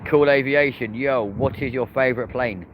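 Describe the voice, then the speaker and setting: A man with a medium-pitched voice at normal speed hosts a live plane-spotting stream from a hotel rooftop by an airport. He is chatty, banters with viewers in chat, and cheers on planes as they land. The audio is dull, lo-fi outdoor stream sound with traffic noise.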